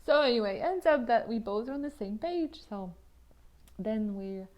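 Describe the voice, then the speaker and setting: A woman's voice: a little high, normal speed. Woman vlogger, casual personal storytelling, chatty with restarts and exclamations, slips into half-whispers. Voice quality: lively, often drops into soft half-whispered asides. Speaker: vlogger telling her own story.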